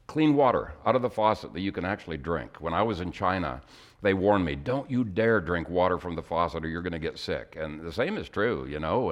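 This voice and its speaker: Earnest low-voiced male preacher. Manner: earnest, emotional when reading the poem; clears throat, fillers between phrases. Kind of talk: sermon.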